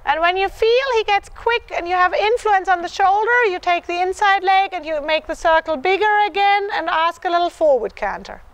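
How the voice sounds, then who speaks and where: A woman with a very high, light voice coaching a dressage rider in a live lesson. She talks in encouraging bursts, repeats "yes" again and again, and sings out the horse's rhythm. Her teaching is warm but focused. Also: expressive, moderate pace, few pauses, dry recording. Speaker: dressage clinician.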